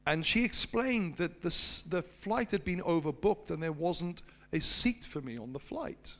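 A man preaching, telling a personal story in an animated storytelling manner and slowing down for emphasis. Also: on the high side. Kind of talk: sermon storytelling.

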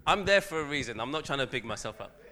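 A man's voice: medium pitch, animated, fast talker, bright, forceful tone. A man, a teacher, telling a self-deprecating story in a church talk, with frequent restarts.

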